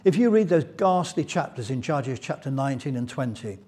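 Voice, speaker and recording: Husky-voiced man teaching the Bible. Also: medium pitch, moderate pace. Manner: lively storytelling, paraphrasing scripture. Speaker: preacher.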